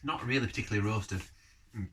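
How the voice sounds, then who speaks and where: A man's voice: on the low side, quick pace, fairly bright tone, slight background noise. A man casually reviewing a beer on camera, rambling from one thought to the next and giving blunt verdicts. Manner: rambling, jumps between topics.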